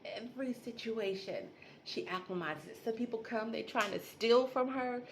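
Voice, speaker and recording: A woman's voice: fairly high pitch, moderate pace, a little hiss or hum. A woman hosting a casual solo podcast from home, rambling, laughing often and talking to listeners as y'all. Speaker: podcast host.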